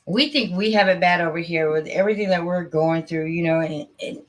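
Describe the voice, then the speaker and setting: A woman's voice: fairly low pitch, fairly quick. Emphatic, rambling woman streamer. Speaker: channel host. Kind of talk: casual live-stream talk.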